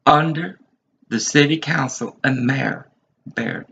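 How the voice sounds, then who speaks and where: Gravelly, agitated man ranting slowly. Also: mid-range voice, pushed and bright. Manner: agitated, ranting, repeats himself. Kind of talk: rambling recorded monologue. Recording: dull lo-fi recording.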